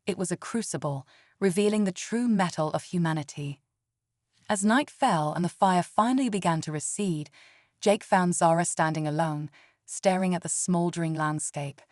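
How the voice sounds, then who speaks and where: A woman narrating a science fiction audiobook story in an even, steady way. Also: fairly low pitch, dry recording, studio quality.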